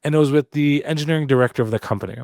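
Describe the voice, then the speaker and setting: A man's voice: fairly high pitch, very fast, dry recording. Man telling a story on a podcast, dry sound. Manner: animated, lots of "like" fillers. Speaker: podcast co-host. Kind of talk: casual storytelling. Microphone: podcast studio mic.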